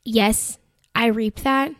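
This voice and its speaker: A woman telling a personal faith story in a chatty, animated way, full of "like" and "you know". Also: on the high side, takes it slowly, no echo, clean studio sound. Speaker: Christian content creator. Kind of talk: casual faith-based storytelling.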